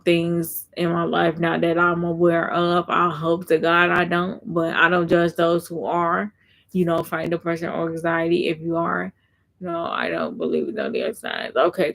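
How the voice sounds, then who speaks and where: Woman vlogger, gravelly fry in her voice, rambling live-stream chat full of fillers. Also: lowish voice, a little slow, fairly bright tone. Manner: rambling and repetitive, heavy fillers.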